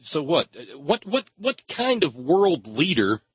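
A man's voice: a little high, sing-song, takes it slowly, husky, no echo, lo-fi sound. A man ranting in sarcastic, angry commentary and swearing freely. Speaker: political commentator.

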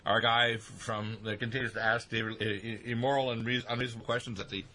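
A man in a played clip voicing strong opinions in a halting, stumbling way. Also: medium pitch, flat delivery, pushed and bright, slight background noise. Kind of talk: opinion talk.

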